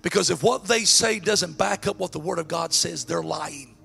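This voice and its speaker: A male pastor preaching a sermon, joking in asides and building to shouted exhortation. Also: high-pitched, normal speed, gravelly, soft background music.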